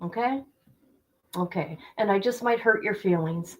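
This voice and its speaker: A woman's voice: mid-range voice, measured pace, a little mellow, poor audio. A woman hosting a true-crime livestream, talking indignantly and directly to her viewers. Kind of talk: heated livestream commentary.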